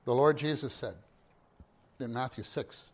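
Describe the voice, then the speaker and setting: A man preaching a sermon. He swings from hushed murmurs to loud exclamations, repeats his phrases and keeps asking his listeners questions. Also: medium pitch, unhurried.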